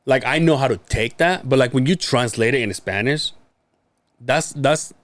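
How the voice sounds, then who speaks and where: A man's voice: medium pitch, normal speed, fairly bright tone, dry recording. A young man from Mexico on a podcast, telling stories in casual chat, laughing often and acting out the voices of the people he quotes. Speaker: podcast co-host.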